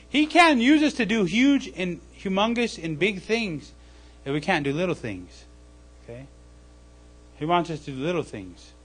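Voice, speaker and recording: Guy preaching at a church service, high voice that swings all over, keeps saying okay and right. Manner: acts out mocking voices loudly. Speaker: pastor. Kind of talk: sermon.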